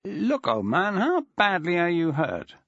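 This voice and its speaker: A man's voice: high-pitched, huge pitch swings, measured pace, fairly bright tone, no echo, muffled recording, heavily acted. A man reading an audiobook, voicing a blunt, exasperated male headmaster who scolds and swears.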